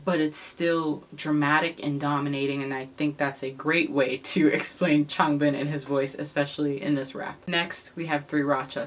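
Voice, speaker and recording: Low-voiced chatty woman commentator. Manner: chatty and opinionated, laughing between points. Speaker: K-pop commentary YouTuber. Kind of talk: casual music commentary.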